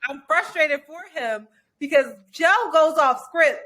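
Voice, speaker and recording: A woman co-hosting a casual podcast chat, animated and cursing freely, slipping into quoted voices. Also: sits high, a little slow. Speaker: podcast co-host.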